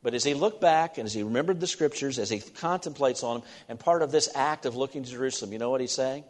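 A man preaching a sermon in a church, earnest and halting, with restarts as he talks. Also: mid-range voice. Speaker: pastor. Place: church sanctuary. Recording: long hall reverb.

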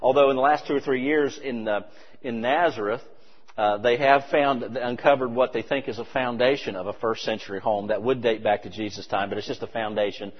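A man preaching a sermon, animated and emphatic with conversational asides. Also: mid-range voice, fairly quick. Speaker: pastor. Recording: dull, reverberant hall recording.

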